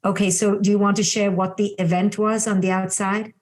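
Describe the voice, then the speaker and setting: A middle-aged woman speaking as a psychologist in a conversational interview. She leads a guest step by step with calm, steady questions and warm affirmations. Her pitch sits in an ordinary middle range. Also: a little fast. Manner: calm, affirming, repeats "beautiful". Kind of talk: guiding a coaching exercise in conversation.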